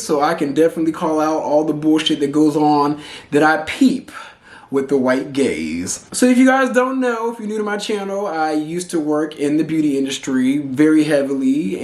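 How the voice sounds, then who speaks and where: A man from Texas giving blunt, profane commentary to camera as a vlogger. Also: fairly high pitch. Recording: roomy echo.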